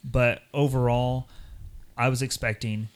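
A man co-hosting a podcast, talking in a rambling, animated way and putting on voices when he quotes people. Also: medium pitch, measured pace. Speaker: podcast co-host. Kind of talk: casual chat.

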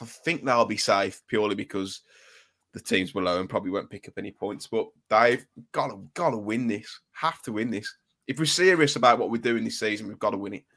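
A man's voice: on the low side, a bit bright. A man hosting a casual football podcast, chatting and reeling off player names. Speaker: podcast host.

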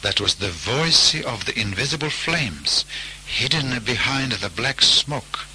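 A man telling a folk tale as storybook narration, in a measured way. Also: medium pitch, expressive, bright, forceful tone, slight background noise, low-quality recording.

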